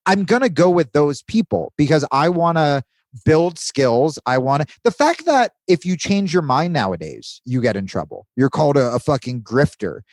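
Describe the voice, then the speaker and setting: A man's voice: a little high, very animated, normal speed, a little mellow, dry recording. A man talking as a podcast guest, earnest and confessional, with plenty of swearing. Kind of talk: casual podcast chat.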